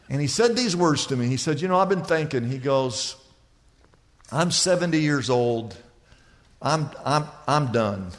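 A man preaching a sermon as pastor, telling a story with lively delivery and acting out the people he quotes. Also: a little high, moderate pace, big-room sound, a little hiss or hum. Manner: animated storytelling, voicing other people in anecdotes.

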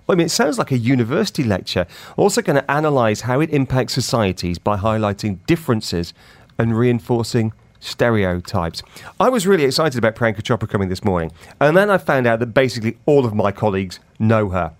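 A man's voice: medium pitch, big pitch swings, brisk, no room sound. A man hosting a breakfast radio show, chatting casually and laughing easily. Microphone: studio mic.

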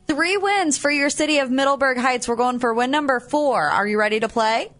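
A woman co-hosting a radio morning show, running a quiz game in a quick, upbeat way and laughing easily. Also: high voice, fairly bright tone. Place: radio studio. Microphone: studio mic.

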